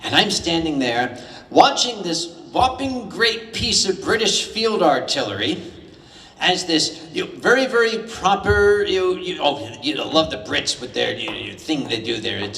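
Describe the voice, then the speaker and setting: Older American raconteur, high and animated, wry and salty, caught from the back of an echoey hall. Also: male voice, normal speed, vocal fry, recorded from a distance. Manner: animated, wry, profane humor. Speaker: storyteller at a live convention event. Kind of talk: live comedic storytelling. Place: large convention hall with audience.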